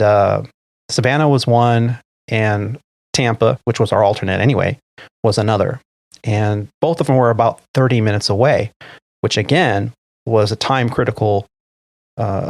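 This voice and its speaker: A man's voice: medium pitch, no echo. Middle aged pilot guy on a podcast, acts out the dialogue, dry close sound. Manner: animated retelling, acting out quoted dialogue. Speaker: airline pilot and podcast host. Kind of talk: casual storytelling on a podcast.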